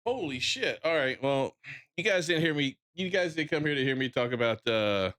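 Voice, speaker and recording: Southern man with a lively drawl. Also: mid-range voice, normal speed. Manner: blunt, profane, restarts often. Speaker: streamer. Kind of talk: casual livestream rant.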